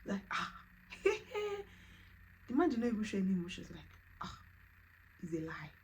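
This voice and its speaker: Woman in her thirties, vlog storyteller, animated and acting out the quotes, mid pitch, faint room noise behind. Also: unhurried, poor audio. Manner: animated, quotes others in lively voices. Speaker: vlogger. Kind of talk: personal storytelling.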